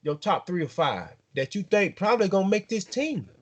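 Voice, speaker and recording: A man's voice: high voice, very animated, fairly quick. A man with a South Georgia accent hosting a casual sports talk show, drawling and repeating his words as he hypes up players. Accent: Southern American, South Georgia. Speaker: sports podcast host.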